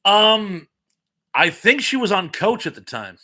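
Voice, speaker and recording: Guy hosting a live chat, bright voice going a bit scratchy, lots of ums. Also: high voice, very animated, measured pace. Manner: chatty, reads chat messages aloud, frequent ums. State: voice getting scratchy from pollen. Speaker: live stream host. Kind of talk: casual live chat reading viewer comments.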